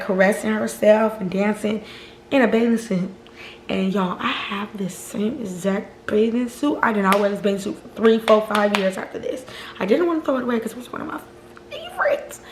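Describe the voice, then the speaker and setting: A woman's voice: mid-range voice, a little hiss or hum. Female storytime vlogger, casual and profane, mid-range voice, reverberant room. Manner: animated, profane, keeps addressing viewers as "y'all". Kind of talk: casual storytime chat to viewers. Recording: roomy echo.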